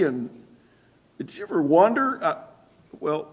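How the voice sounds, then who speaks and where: A man pastor giving a sermon-style Bible study in a church, halting with fillers and asking the congregation questions. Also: medium pitch, fairly bright tone. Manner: halting, many fillers and restarts.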